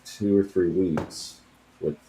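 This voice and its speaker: A man's voice: deep voice, fairly even intonation, dark tone, low-quality recording. A man, a comic artist, chatting casually and hesitantly while he works. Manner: hesitant, halting, talks while working. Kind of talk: casual chat.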